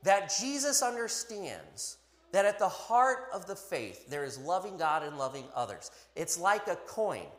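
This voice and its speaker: A man preaching a sermon in a church, emphatic and animated, with playful asides to the congregation. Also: high voice, a little slow. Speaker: pastor. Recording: echoey hall.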